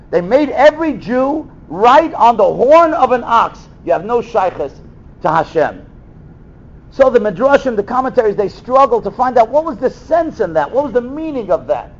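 Animated high-voiced storytelling man. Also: normal speed. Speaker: rabbi giving a talk. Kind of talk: storytelling sermon. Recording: dull lo-fi recording.

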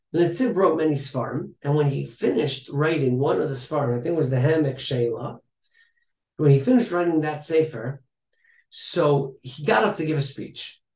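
A fairly high-voiced man gives a Torah lesson, talking it through in a chatty way and often circling back to repeat a phrase. His voice rings around an echoey room. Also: darkish tone. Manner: conversational, repeats phrases, checks in with "right?". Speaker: Torah teacher.

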